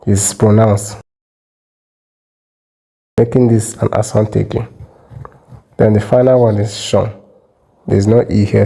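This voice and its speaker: Gravelly, dark-voiced man teaching French. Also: fairly low pitch, poor audio. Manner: methodical, repeats example words slowly. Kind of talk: explanatory lesson.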